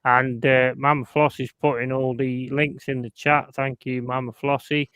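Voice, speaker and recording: A man's voice: medium pitch, flat delivery, moderate pace, a bit bright, smooth, no room sound. A man hosting a live stream, chatting casually and bluntly, swearing and joking with his chat.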